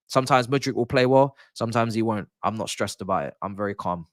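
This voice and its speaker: A man's voice: on the low side, fast talker, no echo, clean studio sound. A man giving his views as a football pundit in casual podcast chat, confident and emphatic, often repeating his points.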